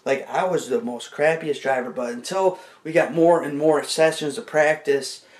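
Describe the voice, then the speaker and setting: A man's voice: a little high, moderate pace. A young man telling a rambling, casual comic story to the camera, full of "like" and "you know" as he acts out moves.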